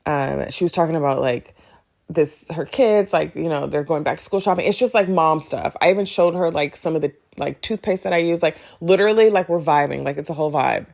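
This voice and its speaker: Low-voiced gravelly woman telling a story. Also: fairly quick. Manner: chatty, animated, acts out quoted dialogue. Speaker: podcast host. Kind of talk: casual storytelling monologue.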